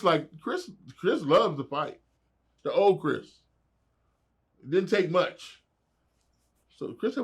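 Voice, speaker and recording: A man's voice: on the high side, expressive, a little slow, pauses often. A middle-aged man telling wild stories as a guest in a casual interview, laughing and acting out the voices of people he quotes.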